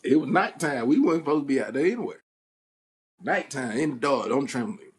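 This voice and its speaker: Speaking briskly in a medium-pitched voice, a young man who hosts a podcast recounts a childhood story in casual chat, animatedly voicing its characters and laughing at his own expense.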